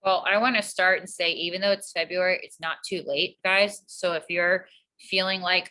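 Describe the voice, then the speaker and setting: A woman teacher with an earnest, calm manner, explaining her classroom routines in a casual interview. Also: fairly low pitch, moderate pace, poor audio. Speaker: teacher, guest.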